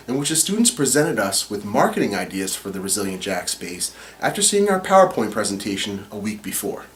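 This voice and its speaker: A man who voices cartoon characters and co-creates the show, explaining his work in a relaxed way with some fillers. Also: mid-range voice. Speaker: voice actor and co-creator. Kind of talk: behind-the-scenes narration.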